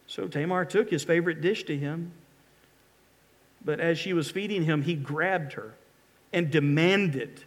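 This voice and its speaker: A man's voice: a little high, normal speed. A middle-aged man preaching a sermon as pastor, reading scripture with dramatic emphatic pleas.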